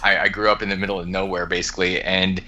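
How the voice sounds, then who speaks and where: A man's voice: deep voice, flat delivery, fast, sharp tone, highs cut off. A man from Alaska, a guest on a podcast, talking energetically and emphatically with some restarts. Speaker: guest, entrepreneur. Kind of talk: casual podcast interview.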